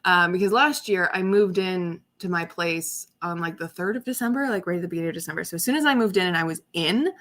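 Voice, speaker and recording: A woman's voice: on the low side, fast talker, hardly any pauses, fairly bright tone. A young woman hosting a casual livestream from her apartment, chatty and giggly as she talks to her viewers. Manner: chatty and giggly, talking to chat. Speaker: livestream host.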